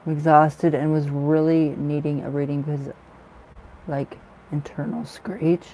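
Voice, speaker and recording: A man's voice: a little high, flat delivery, a little slow, muffled recording. A man chatting casually with viewers while reading cards. He sounds tired and drowsy, talks loosely, laughs often and trails off.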